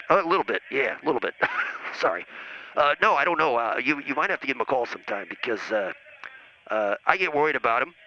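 This caller to a comedy show is a man with an expressive mid-range voice, speaking fairly quickly. He rambles and pokes fun with lots of hesitant uhs, and the call-in line sounds muffled with a bit of faint noise.

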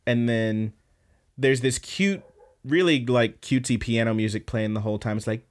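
Profane, animated male podcast co-host. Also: medium pitch, moderate pace. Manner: profane, animated retelling with quoted voices. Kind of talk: casual recap chat.

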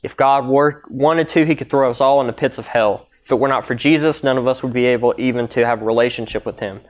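A young man preaches a sermon to his congregation, reading long scripture passages aloud. He speaks earnestly and leans on key words for emphasis. His voice sits at an ordinary middle pitch. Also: fast.

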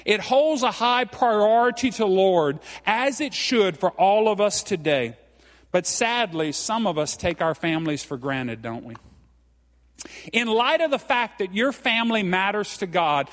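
A middle-aged man preaching a folksy sermon, often checking in with "okay?" and calling the congregation "guys". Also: high voice. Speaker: pastor. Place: church sanctuary. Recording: long hall reverb.

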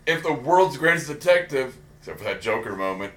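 A man's voice: medium pitch, big pitch swings, a little fast, a bit bright. A man co-hosting a casual pop-culture chat, rambling and swearing and poking fun at himself. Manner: rambling, profane, self-mocking. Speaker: podcast co-host. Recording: roomy echo with faint background hiss.

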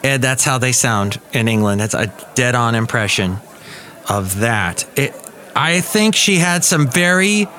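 A man's voice: medium pitch, lively intonation, measured pace, pushed and bright. Goofy rambling male podcast host. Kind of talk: casual solo podcast chat.

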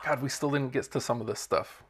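A man's voice: medium pitch, a little fast, a little hiss or hum. A man co-hosting a podcast in casual chat. He is laid-back and drops dry asides. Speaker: podcast co-host.

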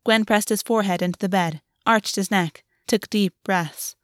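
A woman reading a fan fiction story aloud in a steady, even narration. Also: mid-range voice, normal speed, no room sound, clean studio sound. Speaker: audiobook reader.

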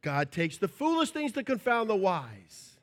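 A middle-aged pastor with a high voice delivers his sermon unhurriedly. He's animated and playful, acting out little scenes with shouts and joking voices.

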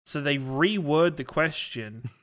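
A young Australian man with a bright, sharp voice talks on a roundtable podcast. He explains things earnestly and at length. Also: a little high, slow pace. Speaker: IT service desk worker on a podcast panel. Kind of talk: casual roundtable chat.

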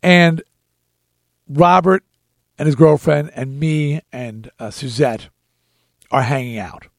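A man hosting a podcast, telling a story in an animated, emphatic way. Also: a little high, slow pace, dry recording, studio quality. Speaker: podcast host. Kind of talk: storytelling chat.

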